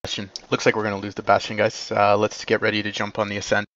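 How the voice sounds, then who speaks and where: A man commanding players in an online game, giving brisk radio-style orders over a dull lo-fi voice chat. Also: lowish voice, monotone, a bit bright, slight background noise. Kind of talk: game voice comms.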